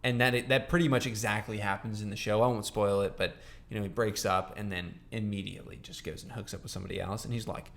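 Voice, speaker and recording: A man's voice: lowish voice, fairly even intonation, fast, creaky, hardly any pauses. A young man co-hosting a podcast, talking casually and rambling with lots of fillers and restarts. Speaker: podcast co-host. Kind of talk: casual chat.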